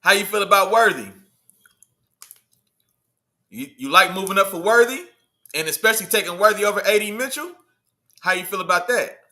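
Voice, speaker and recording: A man hosting a casual sports livestream, talking in loose slang, riffing and answering his chat in an animated way. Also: sits high, normal speed, pauses often. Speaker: livestream host.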